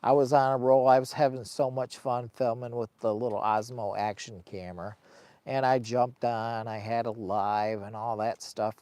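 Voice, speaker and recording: A man's voice: mid-range voice, little pitch movement, normal speed, mellow, dry recording. Rambling man chatting from a hot tent. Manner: rambling, colloquial, emotional. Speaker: camping vlogger. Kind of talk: casual livestream chat. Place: inside a heated tent in the cold wind.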